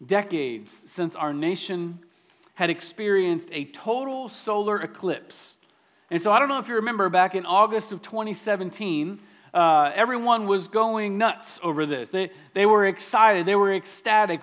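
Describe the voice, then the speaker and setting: High-voiced man preaching a story sermon. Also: a little slow, fairly bright tone, highs cut off. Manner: conversational storytelling, frequent restarts. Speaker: pastor.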